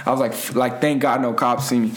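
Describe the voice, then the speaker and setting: A man's voice: medium pitch, fairly even intonation, fast. A young man telling a rambling, profane party story in casual slang, laughing as he goes. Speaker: guest storyteller.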